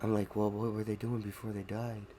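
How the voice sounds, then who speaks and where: A man's voice: on the low side, level tone, a little fast, warm tone, slight background noise. A man co-hosting a casual podcast chat, rambling, swearing freely and laughing often. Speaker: podcast co-host.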